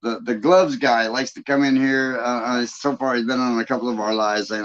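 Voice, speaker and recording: A man's voice: lowish voice, steady tone, brisk, muffled recording. Rambling Southern man on a live stream. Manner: rambling, chuckling. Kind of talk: casual storytelling chat.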